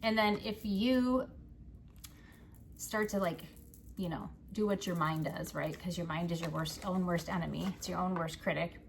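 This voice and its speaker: A woman's voice: on the low side, moderate pace, gravelly, slight background noise. A woman giving a casual tarot reading to her viewers, swearing freely and filling her talk with "like" and "right?". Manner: loose and profane, with frequent "like" and "right?". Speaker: tarot card reader.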